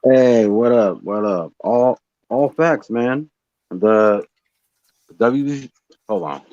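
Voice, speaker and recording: A man's voice: mid-range voice, takes it slowly, darkish tone. Laid-back man on dull lo-fi audio. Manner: laid-back, chuckling, with restarts. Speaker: guest. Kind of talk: casual boxing talk on a stream.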